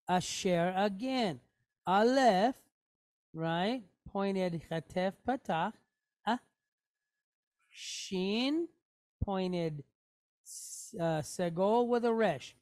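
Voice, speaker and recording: A woman of medium pitch and darkish tone, heard without echo, gives a Hebrew reading lesson in a classroom. She proceeds patiently, step by step, regularly pausing to check in with students: "okay? right?"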